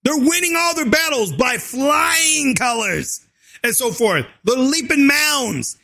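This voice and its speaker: Man, political vlog rant, very high pitch, bright edge, shouting, crude slang. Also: expressive, slow pace, gravelly. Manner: fiery, keeps shouting and adding "and so forth". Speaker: vlogger. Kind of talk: ranting political commentary.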